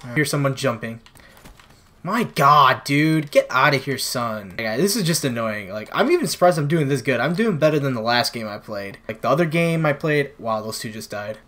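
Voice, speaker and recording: A man's voice: medium pitch, animated, normal speed, pushed and bright. A man commentating his own gameplay for viewers on a new microphone, frustrated and exclaiming as he plays. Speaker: gaming channel host. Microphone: new desktop microphone.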